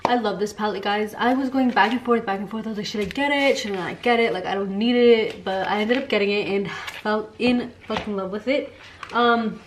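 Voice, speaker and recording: Speaking a little fast in a medium-pitched voice, this twenty-something beauty vlogger does a chatty storytime while doing makeup. Her slangy talk is packed with "like" and "um," and she mixes in Spanish phrases. There's slight background noise, an echoey room and loud household clatter.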